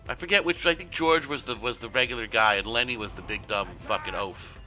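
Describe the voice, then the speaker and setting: A man's voice: mid-range voice, brisk, sharp tone, soft background music. A man chatting casually while streaming a game, rambling and sarcastic with plenty of swearing. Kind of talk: casual gaming stream commentary.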